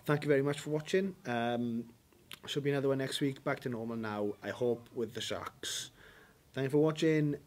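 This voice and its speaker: Young welsh guy vlogging, deadpan, sounds sarcastic all the time, average pitch. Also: moderate pace. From Wales. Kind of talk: comic deadpan vlog monologue.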